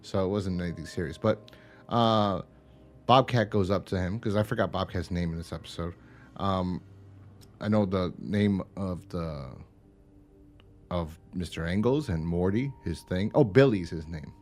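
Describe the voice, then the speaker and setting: A man's voice: deep voice, a little slow, darkish tone. A man co-hosting a casual podcast, recapping a TV episode in a rambling, profane way and acting out lines in raised voices. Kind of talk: casual chat.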